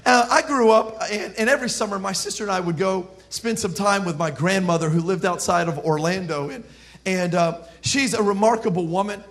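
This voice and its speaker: A man with a very high speaking voice preaches a sermon. He is a pastor from South Florida who tells stories with a lot of animation, cracks jokes and shouts his punchlines. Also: a little fast.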